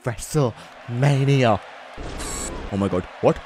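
A young man giving excitable, laughing commentary while playing a wrestling video game. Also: a little high, moderate pace, very noisy. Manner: loud, laughing, swings between shouts and mumbles. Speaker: gaming YouTuber.

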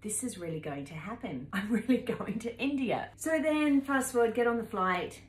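A woman in her fifties telling a travel story to camera in a casual, animated way, laughing and acting out the people she met. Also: on the high side, moderate pace. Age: 50s. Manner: animated, laughing, acts out voices in her stories. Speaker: travel vlogger. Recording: echoey room with faint ambient noise.

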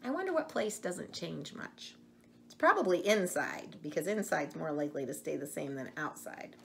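A middle-aged woman reading a children's picture book aloud, expressive, pausing to chat with young listeners. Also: low-pitched, creaky, a little hiss or hum. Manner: expressive, slow, chats to the listener between pages. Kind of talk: read-aloud storytelling for children.

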